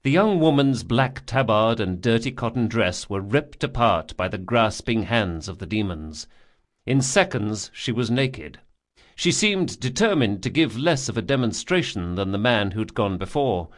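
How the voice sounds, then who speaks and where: Grave male audiobook narrator. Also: on the low side. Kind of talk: scripted fantasy narration.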